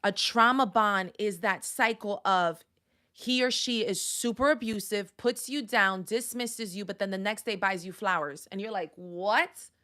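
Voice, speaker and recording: A woman's voice: medium pitch, unhurried, pushed and bright. A woman counselor hosting a faith-based live stream, talking emphatically in a preacherly way with exclamations.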